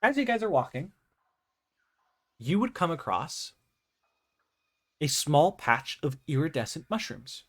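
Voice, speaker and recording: A young man running a tabletop game as game master, with animated, jokey narration. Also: on the high side, unhurried, long pauses, slightly rough.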